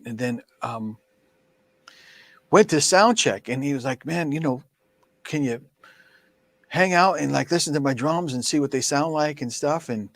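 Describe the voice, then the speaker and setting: Animated male drum clinician, dry sound. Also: mid-range voice, no room sound. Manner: animated, laughs often, acts out quoted speech. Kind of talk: casual storytelling talk.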